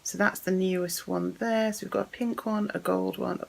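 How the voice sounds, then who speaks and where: A woman's voice: medium pitch, fairly even intonation, normal speed, vocal fry, rough recording. A woman chatting casually as she unboxes and swatches makeup, thinking aloud as she goes. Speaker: beauty vlogger.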